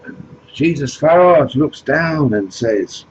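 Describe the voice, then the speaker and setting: A man's voice: a little high, animated, takes it slowly, highs cut off, a little hiss or hum. Rambling man telling a comic story. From England. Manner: rambling, full of "you know" and "like". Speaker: blogger telling a satirical story.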